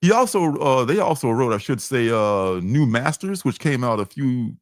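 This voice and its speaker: A man's voice: medium pitch, lively intonation, normal speed, dry recording, studio quality. A man hosting a comic book livestream in casual chat, rambling with many fillers and restarts.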